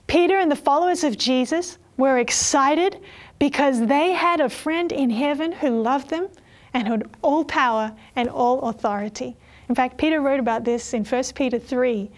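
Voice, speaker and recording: High-voiced woman preaching a sermon. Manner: earnest, expressive storytelling with scripture readings.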